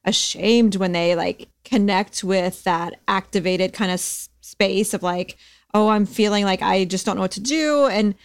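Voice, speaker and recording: A woman hosts a podcast conversation, speaking casually with plenty of fillers. Her pitch sits in the middle range, and she sounds compassionate and conversational as she responds to her guest. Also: measured pace, clean tone. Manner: warm, compassionate, chatty with many fillers. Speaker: podcast host.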